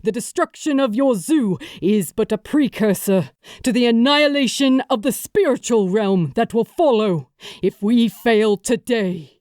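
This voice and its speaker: A woman's voice: a little high, measured pace, darkish tone, dry recording, clean studio sound, lightly acted. Woman voicing a fierce grieving warrior king. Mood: urgent briefing. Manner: urgent, rallying speech.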